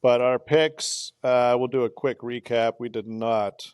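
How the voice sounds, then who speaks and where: Smooth-voiced man in dry podcast chat. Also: mid-range voice, fairly even intonation, a little mellow, no room sound. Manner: chatty, recaps picks in quick lists. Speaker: podcast co-host. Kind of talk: casual chat.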